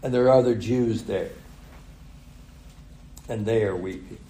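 Slow-talking guy preaching, warm dark voice, roomy echo, chuckles as he tells it. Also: lowish voice. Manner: storytelling with chuckles and rhetorical questions. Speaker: pastor. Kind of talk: sermon.

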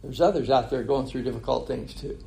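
A man's voice: medium pitch, brisk, gravelly, dark tone. A man preaching a conversational sermon, asking the congregation rhetorical questions.

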